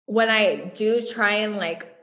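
A woman, a working mother, explaining her situation in a casual conversation. She talks hesitantly, leans on filler words, and sits at a middle pitch for a woman. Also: takes it slowly, fairly bright tone. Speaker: working mother seeking advice.

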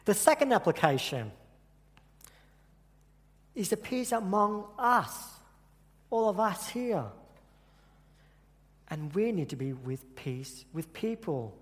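A man whose voice sits high, with a sing-song lilt and fairly bright tone, preaches earnestly at church. He tells a personal story, stumbling into frequent restarts, while a long reverb fills the echoey hall.

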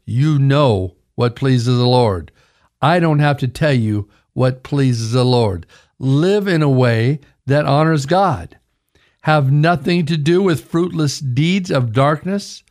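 A man's voice: medium pitch, darkish tone. An older man, a pastor, preaching a sermon with emphatic delivery, often calling his listeners "folks". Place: radio broadcast.

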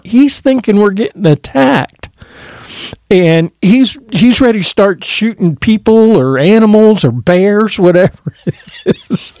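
A man tells stories in a casual, animated way, with a voice pitched a little above the usual for men. He swears freely and laughs through his own tales. The recording is dry and close, with no room sound. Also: unhurried, dry recording. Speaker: podcast storyteller. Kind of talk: casual storytelling.

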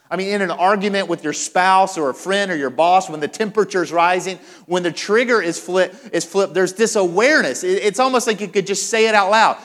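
A man delivers a sermon as a pastor, leaning on repeated phrases to drive each point home. His voice sits somewhat high for a man. It carries with the long reverb of a large church hall. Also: a little fast, fairly bright tone. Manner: emphatic preaching with repeated phrases.

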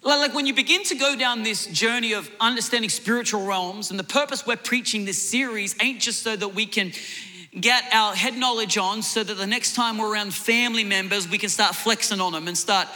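A man's voice: high-pitched, brisk, bright, forceful tone. A man preaching a sermon with emphatic delivery. He often repeats words as he builds a point and makes jokey asides.

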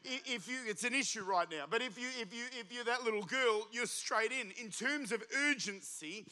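A man preaching a passionate sermon in church, building up to shouts and acting out the voices of the story. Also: high-pitched. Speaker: pastor.

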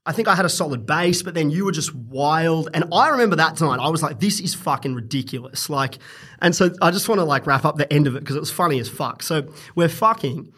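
A man's voice: fairly high pitch, fast, fairly bright tone, breathy edge. A young man telling a story in casual podcast chat, rambling and profane, often laughing. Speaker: podcast guest.

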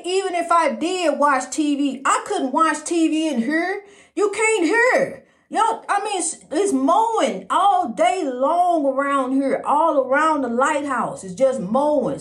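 A middle-aged woman hosting her own podcast, talking casually about faith in a folksy, preachy way, calling the listener honey. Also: high-pitched. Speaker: podcast host. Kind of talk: casual spiritual talk. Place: indoors at a lighthouse, roomy. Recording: roomy echo.

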